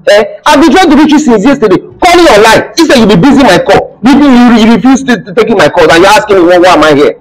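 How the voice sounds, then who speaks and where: A man's voice: sits high, animated, fast, few pauses, a crowd in the background, low-quality recording. A man playing a young boyfriend who pleads and protests, indignant at being accused. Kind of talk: amateur skit acting. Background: background music.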